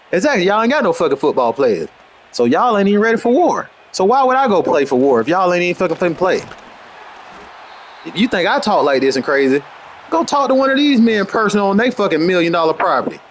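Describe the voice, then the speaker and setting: A man streaming a football video game, rambling in brash, boastful, profane commentary and trash talk, dropping to low mutters and then jumping into high outbursts. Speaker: gamer streaming gameplay.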